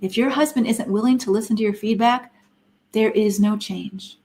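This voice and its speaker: A woman's voice: medium pitch, fairly even intonation, normal speed, dark tone. A middle-aged woman giving an earnest, emphatic teaching talk on a live stream, asking many rhetorical questions. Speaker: Christian counselor and speaker.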